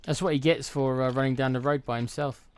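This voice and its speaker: A man casually commenting on a video game as he plays, relaxed and blunt, muttering to himself. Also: medium pitch, fairly quick, smooth. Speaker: gaming streamer.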